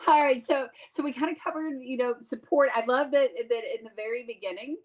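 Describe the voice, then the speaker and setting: A podcast co-host with a high-pitched voice and a fairly quick pace asks long, rambling questions full of fillers during a casual interview. Her recording has a dull, lo-fi quality.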